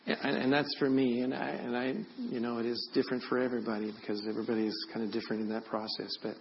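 A man's voice: mid-range voice, little pitch movement, lo-fi sound, a little hiss or hum. Older male pastor preaching in a storytelling way. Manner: storytelling, drops to soft and slow when emotional. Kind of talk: sermon.

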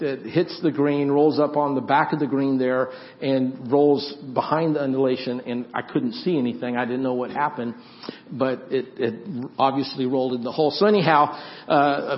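Earnest high-voiced man preaching. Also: lo-fi sound. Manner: earnest storytelling, turning to soft pleading prayer. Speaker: pastor. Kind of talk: sermon and closing prayer. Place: church sanctuary.

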